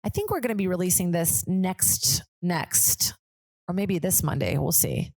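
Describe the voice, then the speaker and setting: A woman's voice: lowish voice, animated, a little slow, a little mellow, no echo. Rambling chatty woman hosting a podcast. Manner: rambling and chatty, drops into quoted voices. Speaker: podcast host and comedian. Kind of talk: casual chat.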